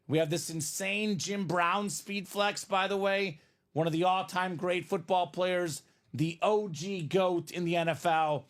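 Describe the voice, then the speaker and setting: A man's voice: high-pitched, a bit bright. A man hosting a live stream, chatting casually and reading viewer comments aloud.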